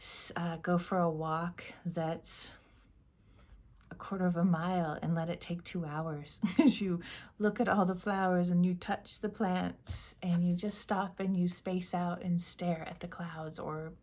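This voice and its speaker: Woman tarot reader, gentle and unhurried, mellow low-ish voice, soft breathy tone with half-whispered asides. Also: fairly even intonation. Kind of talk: slow, soft-spoken tarot reading.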